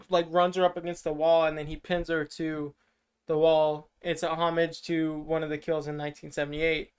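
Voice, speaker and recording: Smooth-voiced man rambling through a recap. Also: a little high. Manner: rambling retelling full of "like" fillers; swears casually. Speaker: podcast co-host. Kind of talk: casual movie recap chat.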